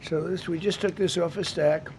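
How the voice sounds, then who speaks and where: A man in his seventies speaks off the cuff into a podium microphone at a press briefing in a government briefing room, blunt and repetitive, drifting into rambling asides. His voice is a little high, creaky and slightly mellow, with fairly even intonation at a normal speed. There's slight background noise.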